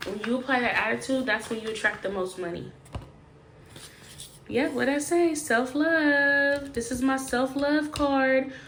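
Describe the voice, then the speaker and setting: A woman's voice: high-pitched, measured pace, a bit bright, a little hiss or hum. A woman giving a casual, chatty tarot reading straight to the viewer, emphatic and full of slangy asides. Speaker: tarot reader.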